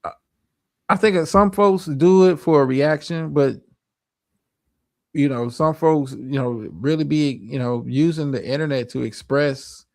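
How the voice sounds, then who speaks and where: A man hosting a livestream talks in a higher, gravelly voice. He swears a lot, restarts his sentences and lectures his audience on dating. The sound is dry and close. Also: a little slow, darkish tone, no echo. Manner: profane, stammering restarts, preachy advice. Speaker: streamer host. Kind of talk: livestream reaction commentary.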